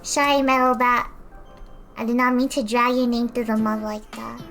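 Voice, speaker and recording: A woman's voice: on the high side, flat delivery, moderate pace, fairly bright tone, faint music behind. A woman streamer chatting casually while she paints, rambling and self-deprecating.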